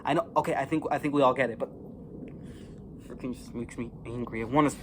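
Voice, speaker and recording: A teenage boy ranting to camera as an amateur movie reviewer, rambling with many fillers and restarts and swinging into loud frustrated outbursts. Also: medium pitch, fairly even intonation, quick pace, very noisy. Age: teens. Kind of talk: casual rant to camera.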